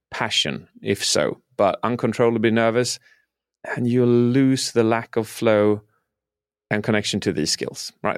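A man's voice: on the low side, no echo, clean studio sound. A man who works as a speaking coach, explaining his methods earnestly in a conversational interview.

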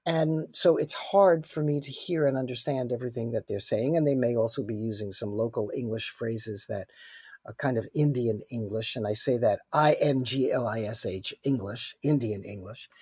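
A man from New York, speaking with a New York accent, answers interview questions in an earnest, explanatory way. His voice is mellow and a little husky, and the recording is dry and close with no room sound. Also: mid-range voice, moderate pace, hardly any pauses, no echo. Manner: earnest, explanatory, self-deprecating. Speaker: guest expert on cross-cultural communication.

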